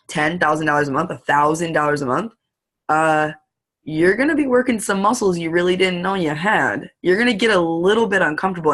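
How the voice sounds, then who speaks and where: Excited chatty woman coaching her sales team. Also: low voice. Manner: excited, chatty, acts out phone calls in quotes. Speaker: network marketing team leader. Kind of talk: motivational coaching talk.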